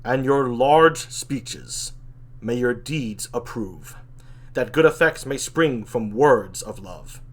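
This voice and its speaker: Man reading a plain-spoken loyal nobleman, slow measured verse. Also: medium pitch, expressive. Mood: solemn.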